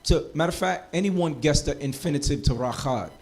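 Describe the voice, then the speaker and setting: A man leads a live class in a slightly high voice. He jokes with his students, then builds into a rousing, preacher-like push for them to study. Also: fairly quick. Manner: lively, joking, preacher-like urging. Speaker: Hebrew teacher.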